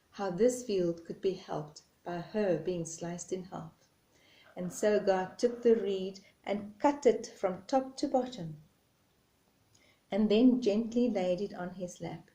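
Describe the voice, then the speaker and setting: A woman, a nun, telling a parable in a gentle sermon, measured and drawn out, recorded in an echoey room. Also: mid-range voice. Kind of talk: slow storytelling sermon.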